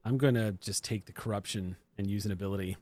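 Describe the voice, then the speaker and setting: A man playing a tabletop role-playing game and explaining his character's moves in a measured way. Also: lowish voice, darkish tone, dry recording. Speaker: player.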